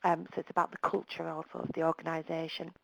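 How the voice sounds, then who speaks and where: A woman's voice: sits low, level tone, fast, creaky, no echo, poor audio. A woman presenting a webinar over the telephone, talking in a direct, plain-spoken and emphatic way. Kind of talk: live webinar talk.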